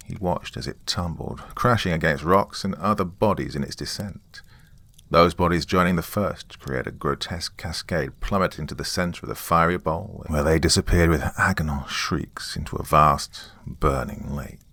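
A man's voice: low-pitched, normal speed, gravelly, sharp tone. A man reading a horror novel aloud, with grave, dramatic scripted narration. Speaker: audiobook narrator.

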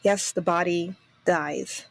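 A woman's voice: on the low side, steady tone, slow, no echo. A young woman hosting a podcast, telling a personal story in a candid, chatty way, with a skeptical, self-aware tone. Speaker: podcast host.

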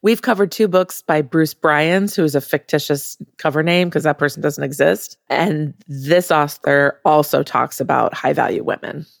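Low-voiced wry woman host. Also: vocal fry, no room sound, studio quality. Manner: brisk, wry, steering the talk. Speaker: podcast host. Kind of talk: casual chat, moderating.

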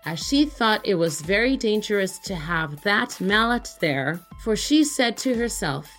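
A woman hosting a podcast, reading an old folk tale aloud in a lively storytelling manner. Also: mid-range voice, measured pace, hardly any pauses, soft background music. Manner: lively read-aloud, lifting her voice for characters' cries. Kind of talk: storytelling narration.

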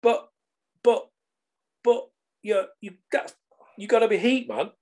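Man voicing a hostile young male street dealer, accusing, swearing, slightly higher voice. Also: takes it slowly, a little mellow. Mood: flustered.

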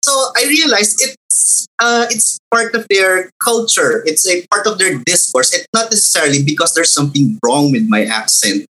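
A man from the Philippines with a Filipino accent, explaining language terms in a measured, lecturing way with examples. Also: high voice, animated, bright, forceful tone, rough recording. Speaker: linguistics guest. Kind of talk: explanatory discussion.

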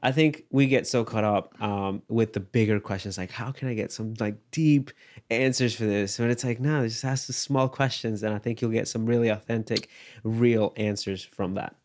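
Easygoing low-voiced podcast host. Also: male voice, normal speed. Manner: relaxed, encouraging, lots of short backchannels. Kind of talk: casual podcast interview.

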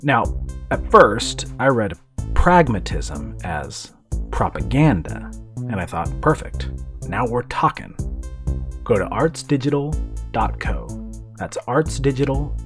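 A man hosting a podcast and narrating a story in calm, measured scripted narration on a close mic. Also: medium pitch, faint music behind.

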